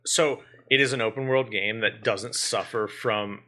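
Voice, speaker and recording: A man's voice: fairly low pitch, fairly even intonation, measured pace, bright, forceful tone. A man co-hosting a casual gaming podcast, talking enthusiastically at length and laughing often mid-sentence. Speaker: podcast co-host.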